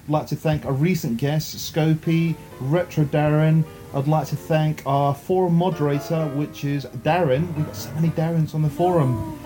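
A man's voice: on the high side, fairly even intonation, moderate pace, warm tone, faint music behind. A man co-hosting a casual podcast, chatty and enthusiastic, laughing easily. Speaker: podcast co-host.

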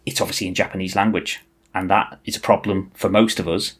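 A man's voice: sits low, brisk, breathy edge. A man co-hosting a podcast, chatting enthusiastically about retro games. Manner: enthusiastic, animated. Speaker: podcast co-host.

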